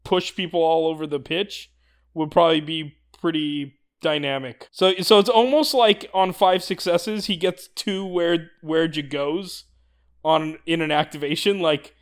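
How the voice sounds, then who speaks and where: A man with a fairly high voice talks through a miniatures game's rules, excited and laughing as he goes. He co-hosts a casual podcast chat and tends to explain things at length. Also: measured pace. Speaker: podcast co-host. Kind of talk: casual tabletop game discussion.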